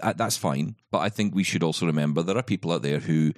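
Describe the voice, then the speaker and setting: A man hosting a podcast in casual chat, playful and jokey with quick asides. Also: low-pitched, dry recording, studio quality. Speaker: podcast host.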